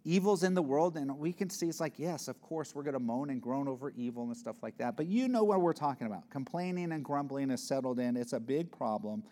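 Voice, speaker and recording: A man's voice: mid-range voice, animated, a little fast, hardly any pauses, mellow. A man preaching a sermon in an earnest, conversational way, often restarting his phrases. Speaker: pastor.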